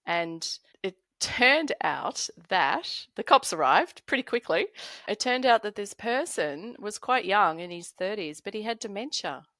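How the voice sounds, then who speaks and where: Animated storytelling woman, lively pitch. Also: unhurried, dry recording. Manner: laughs often while telling a story, acts out quoted voices. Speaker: podcast guest.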